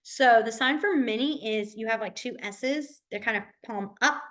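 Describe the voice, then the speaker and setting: Teaching sign language to beginners, a young woman speaks in a fairly high, somewhat bright voice with a relaxed, comforting manner. Every sign gets named slowly and said again, and her speech is full of fillers and false starts.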